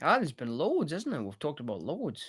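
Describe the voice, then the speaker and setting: A man's voice: a little high, wildly swooping pitch, moderate pace, slightly rough. A man chatting casually about films as co-host, laughing often and trailing off. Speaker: podcast co-host. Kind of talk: casual chat.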